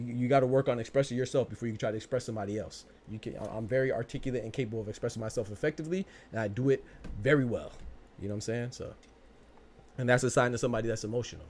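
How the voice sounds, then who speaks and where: A man's voice: mid-range voice, a bit bright, a little hiss or hum. A man hosting a live-stream podcast and answering his chat. He talks in combative rebuttals, with stammering restarts and lots of repetition. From United States. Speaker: podcast host.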